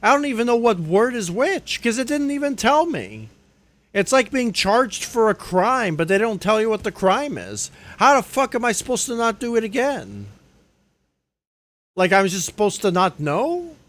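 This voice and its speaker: A young man livestreaming, ranting in anger and swearing a lot, often dropping low and quiet on a trailing "dude". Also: very animated, moderate pace. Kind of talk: live stream rant. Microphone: desk microphone.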